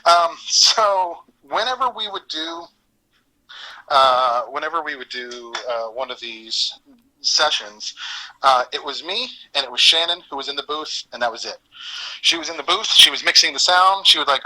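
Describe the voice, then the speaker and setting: A man's voice: on the high side, moderate pace, rough recording. A man, a former voice actor, casually telling stories in an interview, laughing often and acting out quoted lines. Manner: animated, laughs often, acts out quoted dialogue.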